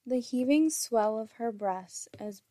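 A woman storyteller reading an erotic story in a steady, intimate way. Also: on the high side, takes it slowly, no room sound.

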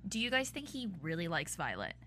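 A woman's voice: on the low side, huge pitch swings, fairly quick, bright, forceful tone, a little hiss or hum. A woman on a TV recap panel, chatting casually with lots of fillers and questions.

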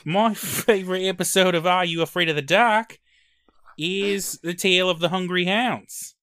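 A man putting on a mock Australian accent, playing a hammy bloke in a breathy half-whisper. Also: high-pitched, normal speed, sharp tone, no room sound, clean studio sound, pitched above the performer's own voice. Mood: playful. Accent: put-on Australian.

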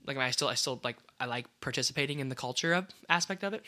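A man's voice: medium pitch, quick pace, pushed and bright. A man co-hosting a casual podcast chat, rambling with lots of "like" fillers and frequent laughs. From United States. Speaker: podcast co-host.

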